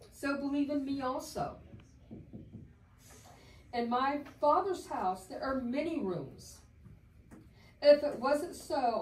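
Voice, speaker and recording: A woman voicing a gentle male teacher in a Bible story, speaking in a measured, tender way. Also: high voice. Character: gentle, solemn male teacher comforting friends. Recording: roomy, distant mic, faint background hum.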